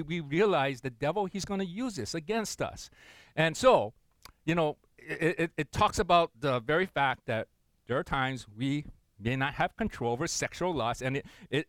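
A man's voice: on the high side, a bit bright, dry recording. A middle-aged man preaching a sermon as pastor, talking in a loose, conversational way full of fillers and repeated words.

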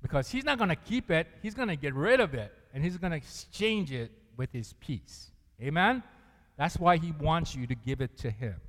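A man's voice: fairly high pitch, lively intonation, normal speed. A man preaching a sermon as pastor, earnest, often laughing and putting questions to the congregation. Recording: long reverb of a large hall.

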